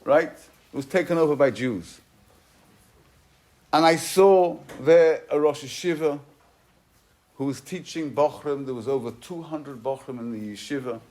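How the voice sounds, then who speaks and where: Emphatic rabbi with a higher voice. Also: male voice, a little slow, pauses often. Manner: storytelling with Hebrew and Yiddish terms; emphatic, swings between loud and soft. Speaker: rabbi giving a Torah class. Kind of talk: sermon.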